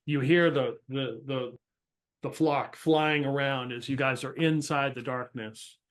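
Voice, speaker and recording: A man narrating as game master of a tabletop role-playing game, in loose, halting speech full of fillers and restarts. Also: medium pitch, steady tone.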